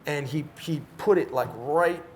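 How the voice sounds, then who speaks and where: A man's voice: fairly high pitch, measured pace, slight background noise. A middle-aged man from Washington, D.C., a podcast guest telling a long story in casual, profane talk and acting out the dialogue. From Washington, D.C., USA. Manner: animated, profane storyteller who acts out dialogue.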